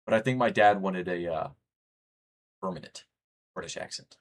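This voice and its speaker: Reading chat messages aloud as he rambles, a young American streamer speaks at a normal speed in a low-sitting voice. The talk is casual and aimed at his livestream audience.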